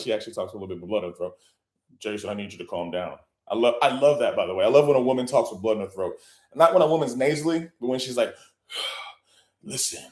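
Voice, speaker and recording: A man's voice: medium pitch, echoey room. A man hosting a live online session, talking bluntly and boastfully, swearing often. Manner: profane, boastful, blunt, with bursts of laughing and shouting. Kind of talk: brash motivational talk.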